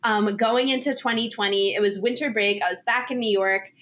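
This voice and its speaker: A woman's voice: on the high side, fairly even intonation, a little fast, a bit bright. A woman in her twenties, a podcast guest talking candidly and casually, with lots of filler words. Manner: chatty, candid, heavy use of "like".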